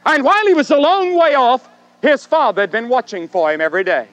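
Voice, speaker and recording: An older man preaching a sermon dramatically, with swelling repetitions and long pauses. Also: very high-pitched, lively intonation, fairly bright tone, dry recording, muffled recording. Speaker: evangelist preacher.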